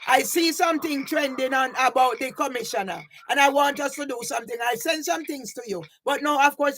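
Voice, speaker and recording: A woman's voice: high voice, fairly quick, few pauses, a bit bright, soft background music. A woman in a heated phone argument, insistent and repeating herself as she demands money back. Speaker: caller disputing money.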